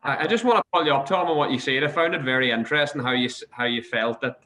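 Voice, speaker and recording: A man's voice: mid-range voice, fast talker, bright, forceful tone. A man co-hosting a podcast, asking the guest long, winding questions in a casual interview. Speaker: podcast co-host.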